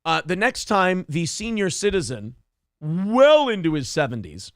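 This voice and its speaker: A man's voice: sits high, big pitch swings, a little slow, dry recording, studio quality. A man hosting a casual podcast, telling stories animatedly and slipping into funny voices for the people in them. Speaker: podcast host.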